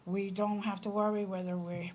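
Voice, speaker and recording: A woman hosting a talk show, affirming her guest and reflecting calmly in casual chat. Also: medium pitch, moderate pace. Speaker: host.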